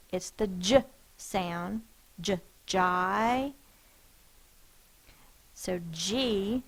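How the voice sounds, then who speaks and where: A woman teacher giving a phonics lesson, sounding out words slowly and carefully. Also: medium pitch, poor audio.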